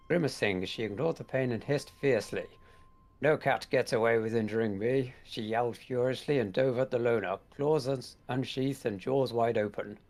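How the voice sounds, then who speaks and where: A man reading a fan roleplay aloud in an even narrative way. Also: medium pitch, creaky.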